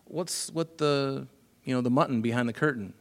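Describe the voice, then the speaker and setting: Pastor playing a stern old prophet, low and blunt. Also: male voice, normal speed, close to an everyday voice. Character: stern elderly male prophet.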